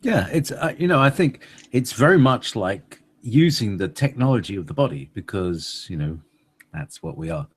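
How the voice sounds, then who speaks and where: A man chats on a talk radio show in a husky voice. His pitch rolls up and down in a lively way. He wanders from thought to thought, full of fillers and playful asides. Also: normal speed. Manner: rambling and playful, with many fillers and laughs. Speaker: co-host. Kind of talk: casual radio chat.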